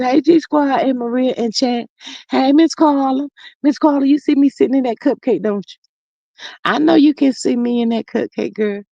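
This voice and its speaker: A woman hosting a casual gossip livestream, reading chat comments aloud and drawling slang, swinging between loud calls and low murmurs. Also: gravelly, dry recording, lo-fi sound. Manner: drawling Southern slang, says child a lot, reads comments aloud.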